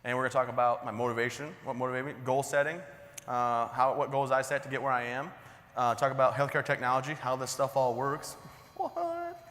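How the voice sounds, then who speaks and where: A man's voice: mid-range voice, animated, fairly quick, a bit bright, slight background noise. A man in his thirties giving a humorous, self-deprecating motivational keynote in a conversational, joking way. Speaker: motivational speaker. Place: large conference hall. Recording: long hall reverb.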